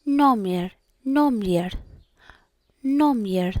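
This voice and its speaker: A woman's voice: on the high side, expressive, extremely slow, mellow, dry recording. A young woman learning languages, repeating practice words aloud and chatting casually with fillers.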